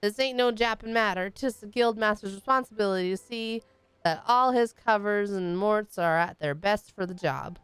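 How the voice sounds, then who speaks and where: A woman reading lines as a swaggering male pirate rogue guild master for a game, in rough sailor slang. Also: medium pitch, moderate pace, fairly bright tone, dry recording, lightly acted.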